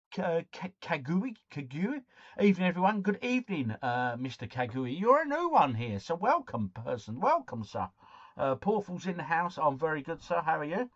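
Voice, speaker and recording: A man's voice: a little high, dry recording, lo-fi sound. A man hosting a casual live stream at home, chatting and greeting viewers by name. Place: at home, drinking cider.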